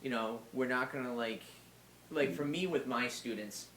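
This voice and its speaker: A man talking in a relaxed, rambling way, full of fillers and the odd curse word, as a podcast guest. His voice has a forceful, bright edge at an ordinary pitch. The room around him rings with a clear echo. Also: normal speed, slight background noise. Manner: rambling, filler-heavy and profane. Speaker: Muay Thai fighter and trainer, podcast guest. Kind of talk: casual podcast chat. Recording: roomy echo.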